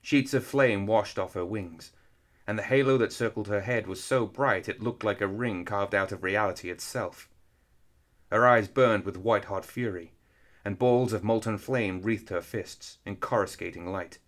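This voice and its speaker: Low voiced guy reading an action story, steady measured pace. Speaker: audiobook reader. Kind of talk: scripted narration.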